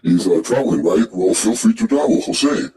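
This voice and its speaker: A man's voice: deep voice, animated, normal speed, creaky, mellow, far from the mic, low-quality recording. A man calling into a live stream, ranting in a profane, rambling and insistent way. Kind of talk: casual rant.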